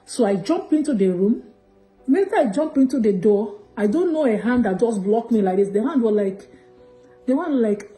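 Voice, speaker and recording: A woman telling an emotional testimony in church. Her voice is a little high but mellow and warm. Faint music plays behind her. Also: expressive, brisk, low-quality recording. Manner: emotional, retelling with quoted dialogue. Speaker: testimony giver.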